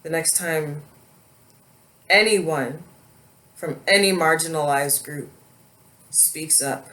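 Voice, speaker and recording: Woman vlogging, real slow and halting, close to tears. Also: low-pitched, sharp tone. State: holding back tears. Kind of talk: emotional personal vlog.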